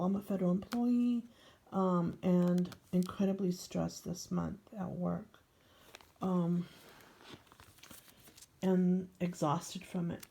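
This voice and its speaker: A woman's voice: fairly low pitch, steady tone, slow pace, gravelly, long pauses, mellow, a little hiss or hum. An older woman chatting casually as she shows her scrapbook pages, meandering with frequent ums. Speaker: scrapbooking vlogger. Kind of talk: casual show-and-tell narration.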